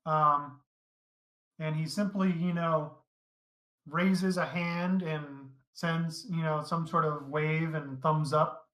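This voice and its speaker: A man narrating a tabletop game as dungeon master, easygoing and halting, with many fillers. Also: fairly high pitch, fairly even intonation, a bit bright, reverberant, poor audio.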